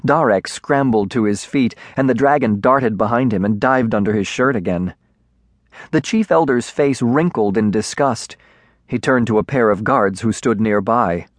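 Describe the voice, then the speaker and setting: Man reading a children's storybook, measured and expressive, mid voice, dry booth. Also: mid-range voice, no echo. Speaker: audiobook narrator. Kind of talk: scripted children's storybook narration.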